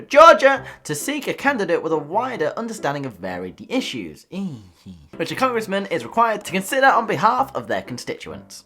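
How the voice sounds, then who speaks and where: A woman hosting a comedy news show, reading odd stories with giggles, swearing and jokey asides. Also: on the low side.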